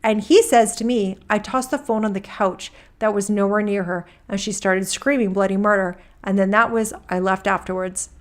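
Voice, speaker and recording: A woman gives a lightly acted reading of a court transcript, speaking as a rambling male witness in his deposition whose casual sentences often restart. Her mid-range voice has fairly even intonation, a moderate pace, and few pauses.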